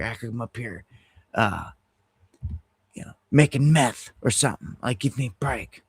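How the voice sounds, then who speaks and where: A middle-aged man hosting a casual livestream, telling a story in an animated, heated way and restarting his sentences often. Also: mid-range voice, moderate pace, pauses often, husky, dry recording. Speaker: host of an independent news livestream.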